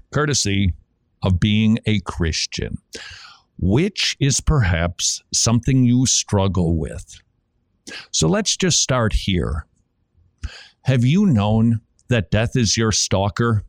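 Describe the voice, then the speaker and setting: Brief: male preacher-host, lively pitch, insistent rhetorical questioning, dry close mic. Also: dry recording. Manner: emphatic, rhetorical questions to listener. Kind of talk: preaching-style podcast talk.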